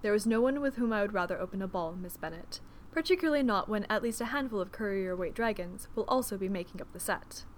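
A woman voicing a dry, mischievous nobleman who speaks in a low, understated, wry way in a storybook reading. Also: fast talker, few pauses, slight background noise, close to an everyday voice.

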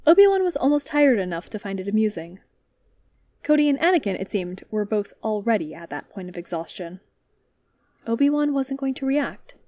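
Calm, mellow woman narrating. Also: mid-range voice, normal speed. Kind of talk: audiobook reading of a story.

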